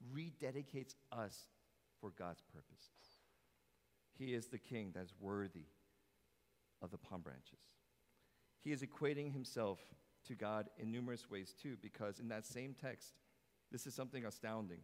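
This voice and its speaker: A pastor preaching a sermon, animated, jumping from loud emphasis to quiet low phrases and putting questions to the congregation. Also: male voice. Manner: animated, swings between loud emphasis and soft low lines; asks the congregation questions, jokes. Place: church sanctuary. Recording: long hall reverb.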